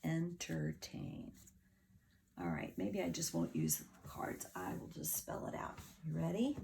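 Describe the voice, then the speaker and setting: A woman teacher leading a children's phonics lesson, sounding out and spelling words slowly and clearly at a board. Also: deep voice, wildly swooping pitch, dark tone, slight background noise. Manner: slow, clear word-by-word spelling with claps and sounding out.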